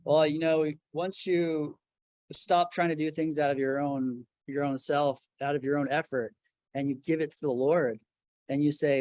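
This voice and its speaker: A man's voice: fairly high pitch, fairly even intonation, normal speed, a little mellow, dry recording. A middle-aged man talking casually about his record label and faith in an interview from his office, earnest and full of restarts. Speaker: guest, record label founder.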